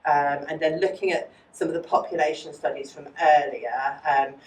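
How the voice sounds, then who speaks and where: A woman lecturer, giving a fast, chatty academic talk with many fillers and taking audience questions. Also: sits low, fairly even intonation, a little mellow. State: out of breath. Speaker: psychology lecturer. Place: lecture hall. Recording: echoey room, distant mic.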